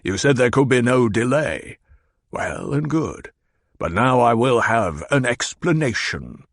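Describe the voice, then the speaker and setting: A man's voice: mid-range voice, sing-song, unhurried, creaky, no echo, studio quality, heavily acted. A man voicing a fat, pompous and petulant old baron who blusters and demands answers. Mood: demanding.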